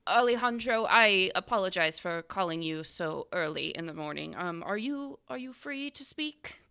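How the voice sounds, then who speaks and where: A woman voicing a formal young society woman on a phone call in a tabletop role-play, polite and halting. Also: mid-range voice, expressive, creaky, bright, forceful tone, clear, resonant tone. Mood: worried.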